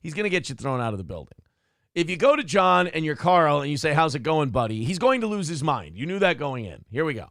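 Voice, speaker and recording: Man, talk show host, gravelly voice, fairly high pitch, dry close sound, blunt and ranting. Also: very animated, fast talker, fairly bright tone, dry recording. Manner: blunt, ranting, mocks others with put-on voices. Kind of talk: casual profane commentary.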